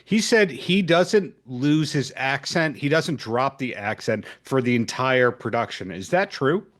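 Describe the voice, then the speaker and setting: A male podcast host with a voice of ordinary pitch leads an interview. He frames his questions at length, speaking in a measured, conversational manner. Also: lively intonation, fairly bright tone.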